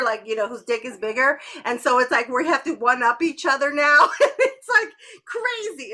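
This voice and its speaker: Woman co-host, bright and fairly high voice, frank casual chat, quick to laugh. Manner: candid, laughs often, swears freely. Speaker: podcast co-host.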